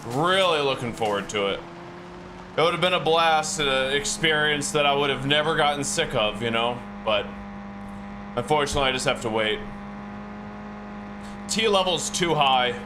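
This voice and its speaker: A man's voice: fairly high pitch, animated, moderate pace, long pauses, background noise. A game streamer, a man, chatting casually with his live viewers in a rambling, easygoing way and chuckling often.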